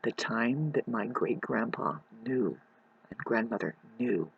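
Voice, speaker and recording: Husky-voiced vlogger, mid-pitched, intense and preachy in a dry close recording. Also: lively intonation, slow pace, dull audio. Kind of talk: rambling rant to camera. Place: rural mountain home.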